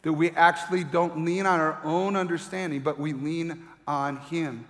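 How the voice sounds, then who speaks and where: Middle-aged male pastor, high voice, lively storytelling sermon, echoing hall. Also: normal speed. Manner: animated storyteller, acts out voices. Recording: long reverb of a large hall.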